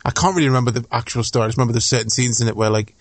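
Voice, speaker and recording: A man's voice: medium pitch, rapid-fire, dry recording. A man hosting a podcast, chatting casually about films in a loose, sweary way, full of "like". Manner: loose and sweary, heavy use of "like". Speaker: podcast host. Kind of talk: casual film chat.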